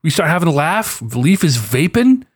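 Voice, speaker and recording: A young man co-hosting a casual gaming podcast, animated and quick to swear and laugh. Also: a little high, slightly rough, no room sound, studio quality. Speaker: podcast co-host. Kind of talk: casual chat.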